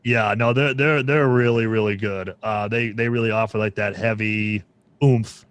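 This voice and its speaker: A man's voice: on the low side, fairly even intonation, normal speed, fairly bright tone, smooth. A man hosting a music podcast, chatting casually and rambling through his points. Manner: rambling, full of restarts and fillers. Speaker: podcast host.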